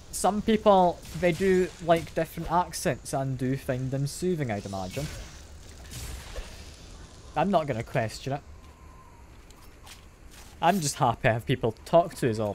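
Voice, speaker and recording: Young Scottish man, casual gaming stream chatter, mid pitch, faint room ambience. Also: slight background noise. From Scotland. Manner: chatty, self-deprecating, answers chat aloud with soft laughs. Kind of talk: casual live-stream chat while gaming. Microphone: sensitive desk mic.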